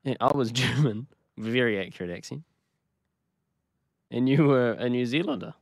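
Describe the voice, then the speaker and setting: A man's voice: medium pitch, lively intonation, normal speed, vocal fry, no room sound. A male radio host joking dryly with his co-hosts. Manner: dry and joking. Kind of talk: casual radio banter.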